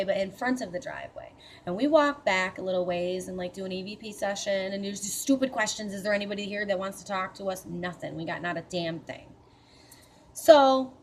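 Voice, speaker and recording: A woman's voice: mid-range voice, a little hiss or hum. Casual, cussing woman telling a story. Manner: chatty and profane, with many fillers and asides; mildly skeptical, matter-of-fact. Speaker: storyteller recounting a paranormal experience.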